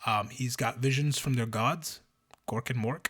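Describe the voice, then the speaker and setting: A man co-hosting a casual podcast, rambling with loud enthusiastic bursts as he explains things. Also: medium pitch, a little slow, breathy edge. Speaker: podcast co-host.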